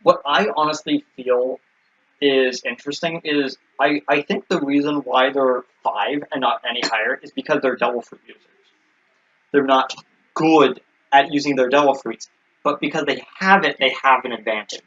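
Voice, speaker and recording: A man's voice: mid-range voice, steady tone, normal speed, a bit bright, slightly rough. Rambling man with a lo-fi sound. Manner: rambling, many fillers and restarts. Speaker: podcast co-host. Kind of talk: casual anime recap chat. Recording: dull lo-fi audio.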